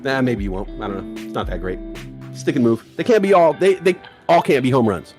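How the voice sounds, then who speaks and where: A man's voice: medium pitch, expressive, fairly quick, a little mellow, soft background music. A man hosting a live trading stream, joking with his chat and laughing often. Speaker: livestream host. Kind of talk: casual livestream chat and scripted channel read.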